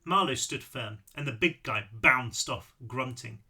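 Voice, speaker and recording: A man reading his own novel aloud, with lively delivery and casual asides. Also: medium pitch, measured pace, husky. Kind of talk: audiobook read-through with asides.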